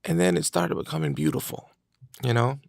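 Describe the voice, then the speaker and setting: A man hosting a motivational podcast, talking in an energetic, casual way with slang. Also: medium pitch, brisk, creaky, no echo, studio quality. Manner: energetic, animated, conversational with slang. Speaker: podcast host.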